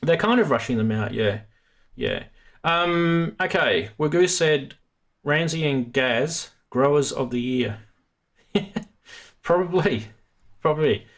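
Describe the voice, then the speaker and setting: A man's voice: a little high, lively intonation, takes it slowly, long pauses. Regular guy hosting a synth stream, chatty, keeps trailing off and restarting. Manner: rambling, self-interrupting, chatty. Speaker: live stream host. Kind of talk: casual live-stream chat.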